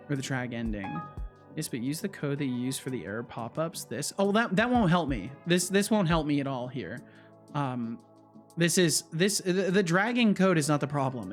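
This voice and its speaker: A man streaming as a game developer, chatting casually and thinking aloud with frequent restarts, easily startled. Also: on the high side. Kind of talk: casual live-coding chat.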